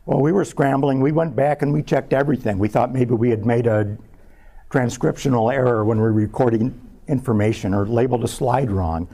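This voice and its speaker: Gravelly man telling a lab story. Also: medium pitch, warm tone. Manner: measured, anecdotal storytelling. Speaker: scientist giving a public talk. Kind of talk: lecture told as a personal story.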